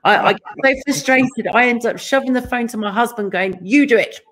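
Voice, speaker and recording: A woman's voice: fairly high pitch, brisk, fairly bright tone. An English woman hosting a casual author interview, chatty and laughing often. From England. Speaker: podcast host interviewing an author. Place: California home.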